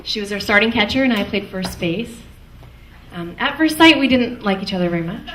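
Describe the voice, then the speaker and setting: A woman's voice: mid-range voice, fairly quick, fairly bright tone. A young woman from Canada, the maid of honor, giving a fond, light wedding toast and chuckling between lines. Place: wedding reception hall. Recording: echoey hall from far off, faint noise.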